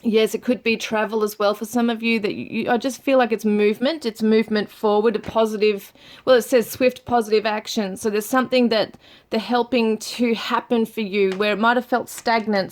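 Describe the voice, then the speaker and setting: A woman giving a gentle tarot reading to her viewers, soft and soothing, with frequent fillers. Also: mid-range voice, steady tone, fairly quick. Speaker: tarot reader.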